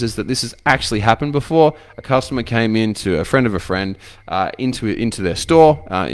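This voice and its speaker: Man, blunt coach, swears a lot, rhetorical questions, animated pitch. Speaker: men's coach. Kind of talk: motivational advice talk to camera.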